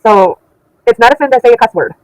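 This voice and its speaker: This middle-aged channel host talks fast in a voice on the high side, laughing and getting indignant as she reads viewers' comments on her casual livestream. The recording has no echo but sounds rough.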